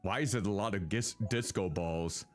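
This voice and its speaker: A man's voice: fairly low pitch, normal speed. A man streaming a life-sim game, giving casual commentary and talking to the characters on screen. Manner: animated, talks to the game characters. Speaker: VTuber streamer. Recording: faint game music behind.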